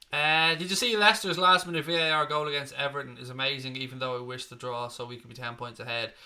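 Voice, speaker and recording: Sweary, bright-voiced football channel host. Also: male voice, medium pitch. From Northern Ireland or Ireland. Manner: blunt, sweary, chatty. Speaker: football channel host reading viewer comments. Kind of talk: casual livestream chat.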